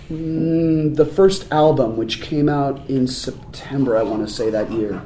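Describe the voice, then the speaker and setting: A man being interviewed as a musician guest, telling stories in a lively way and laughing often. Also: a little high. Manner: animated storyteller, laughs often. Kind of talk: casual interview talk. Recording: roomy echoey room sound.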